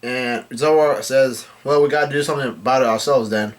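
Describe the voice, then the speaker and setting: A man giving a casual read-through of a comic chapter, relaying the characters' lines in a plain voice and often correcting himself as he goes. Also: mid-range voice. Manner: halting, self-correcting delivery. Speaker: manga chapter recapper.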